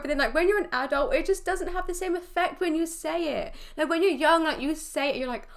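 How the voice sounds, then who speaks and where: A woman's voice: sits high, fairly quick, a bit bright. A young woman hosting a reaction video, chatting casually and filling her speech with "like". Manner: chatty, heavy use of filler "like". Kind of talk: casual chat.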